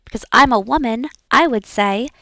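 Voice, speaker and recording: A woman's voice: a little high, normal speed, vocal fry, bright, forceful tone, no room sound, clean studio sound. A woman practicing pronunciation, repeating each word several times and then explaining the sounds in a modest, encouraging way. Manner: self-effacing and encouraging. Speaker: language learner practicing aloud.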